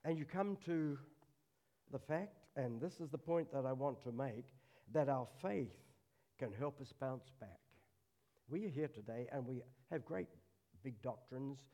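A man's voice: medium pitch, animated, a little slow. Earnest male preacher giving a sermon. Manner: earnest, drops to a hush on solemn lines. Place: church service.

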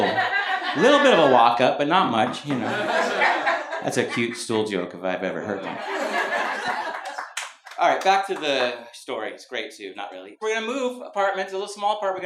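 A man from Mountain View, California, performs a rambling stand-up set full of self-mockery for a live club audience, his voice on the high side and a bit bright. Background noise comes through the roomy live recording.

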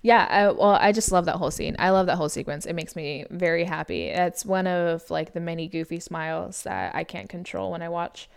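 Woman co-host, giggly and rambling, smooth low-ish voice, casual film recap. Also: steady tone, a little fast, hardly any pauses. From United States. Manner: giggly, rambling with fillers and self-corrections. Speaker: podcast co-host.

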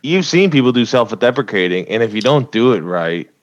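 A man's voice: mid-range voice, sing-song, lo-fi sound. A man, a stand-up comedian, talking casually about his jokes on a podcast and laughing often between points. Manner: laughs often, quick asides. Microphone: podcast mic.

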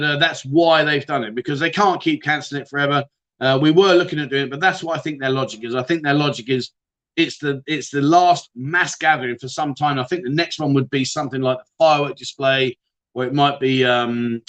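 Bright-voiced joking man. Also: medium pitch. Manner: jokey, teasing banter with viewers. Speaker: livestream host. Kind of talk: casual livestream chat reading comments.

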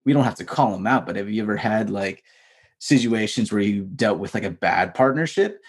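Husky low-voiced chatty host. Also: male voice, animated, fairly quick. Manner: chatty, hesitant, with fillers and laughs. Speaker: podcast host. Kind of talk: casual interview.

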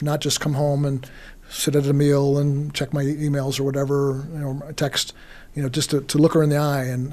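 Earnest halting pastor, fairly high voice. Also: male voice, darkish tone. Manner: earnest, halting, many restarts. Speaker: pastor and podcast guest. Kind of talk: reflective podcast conversation.

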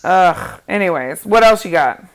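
A woman's voice: on the low side, lively intonation, a little slow. A woman co-hosting a casual gossip podcast, talking bluntly and sarcastically with lots of swearing. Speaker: podcast co-host.

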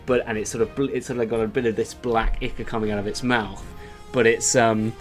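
A man's voice: lowish voice, little pitch movement, fast, soft background music. A man, the host and dungeon master of a tabletop game show, talking in a rambling way full of "like" and "sort of". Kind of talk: casual game narration and outro chat.

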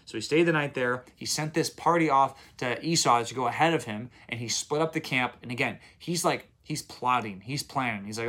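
A man hosting a daily Bible reading video, retelling scripture in relaxed everyday speech. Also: medium pitch, normal speed. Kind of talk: casual Bible teaching.

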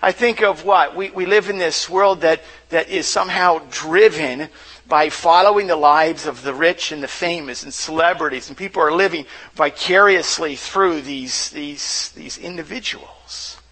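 On a low-quality recording, a man with a highish, sharp voice preaches at a moderate pace in church. He poses rhetorical questions to the congregation and frequently restarts, repeating words.

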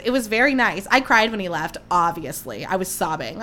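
Fairly high and bright, this young woman's voice swings widely in pitch and moves fairly quickly with hardly any pauses. She hosts a casual solo podcast, gushing through chatty stories and acting out what others said.

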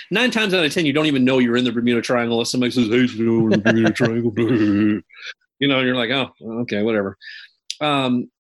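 A man, a military veteran guest, telling stories in a rambling way and circling back with fillers. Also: medium pitch. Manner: rambling, repeats himself with fillers. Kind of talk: casual interview storytelling.

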